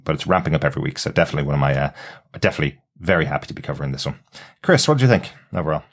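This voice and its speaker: Low-pitched man co-hosting a TV podcast, casual and chatty. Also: animated, rapid-fire. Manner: chatty, laughs often, restarts thoughts. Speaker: podcast co-host. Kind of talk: casual chat.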